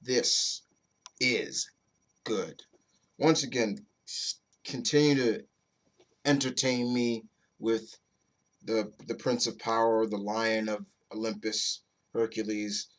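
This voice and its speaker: A man's voice: lowish voice, steady tone, slow, long pauses. A man giving a casual, rambling comic book review, loose and chatty with mild swearing and frequent restarts.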